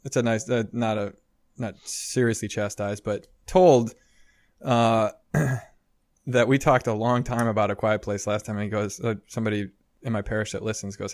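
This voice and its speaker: A man's voice: fairly low pitch, fairly even intonation, normal speed, a little mellow, no room sound, clean studio sound. Chatty man laughing through a story. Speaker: podcast co-host, priest. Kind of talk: casual chat.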